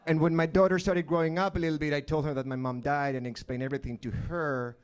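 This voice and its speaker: A middle-aged man from Argentina, telling a deadpan, dark personal story in stand-up. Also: fairly high pitch, fast, clean tone. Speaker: stand-up comedian. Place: live comedy stage.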